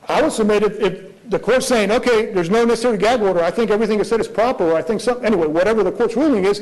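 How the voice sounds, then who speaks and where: A man's voice: high-pitched, darkish tone, low-quality recording. A man arguing as prosecutor in a courtroom, pressing his point with rhetorical questions. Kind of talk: courtroom argument before a judge.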